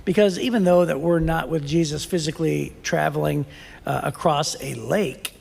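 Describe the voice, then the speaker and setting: A man's voice: fairly high pitch, steady tone, normal speed, vocal fry, a little mellow, in a large hall. A man co-hosting a Bible podcast, talking in a casual, rambling way with fillers and restarts. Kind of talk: casual chat.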